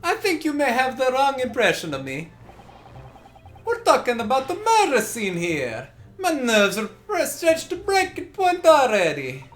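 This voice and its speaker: A woman's voice: high voice, wildly swooping pitch, a little slow, slight background noise, full character voice. A woman voicing a prim, self-serious male journalist witness in a courtroom game, with a mock-solemn, melodramatic delivery. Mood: self-important. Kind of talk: reading game dialogue aloud.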